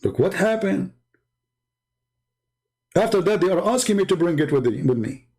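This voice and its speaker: Speaking English at a moderate pace, this man from the Middle East has a high-pitched, darkish voice with big swings in pitch. He is a Christian apologist giving an emphatic, repetitive casual monologue in broken grammar.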